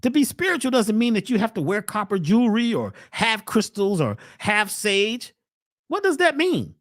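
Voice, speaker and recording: A man hosting a spiritual health webcast, preaching in a steady run of rhetorical questions. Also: sits high, moderate pace, no room sound, studio quality. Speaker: natural health webcast host. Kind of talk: spiritual motivational talk.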